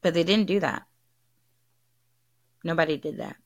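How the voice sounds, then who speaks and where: A woman's voice: deep voice, measured pace. A woman hosting a candid solo podcast, talking bluntly and profanely and repeating her points for emphasis. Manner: blunt and profane, talks frankly. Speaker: podcast host.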